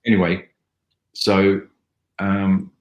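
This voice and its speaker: An older man with an Australian accent, telling rambling, animated stories as an actor guest on a video call. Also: sits low, extremely slow, reverberant, muffled recording. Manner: rambling, animated storytelling with mimicry. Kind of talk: casual interview anecdotes.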